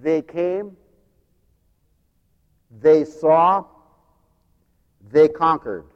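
Dramatic high-voiced man preaching in a hall. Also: very slow, clean tone, highs cut off. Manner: dramatic, swinging from loud proclaiming to near-whisper storytelling. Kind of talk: sermon. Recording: long hall reverb.

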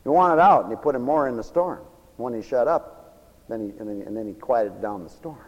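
A man preaching a fiery, folksy sermon, swinging from hushed asides to shouts. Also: mid-range voice, animated, a little fast, big-room sound, muffled recording.

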